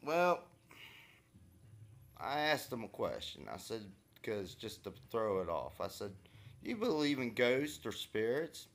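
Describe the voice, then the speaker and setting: A man's voice: mid-range voice, sing-song, a little slow, creaky. A man casually telling a rambling, wry story in a vlog, with many fillers and restarts. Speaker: vlogger.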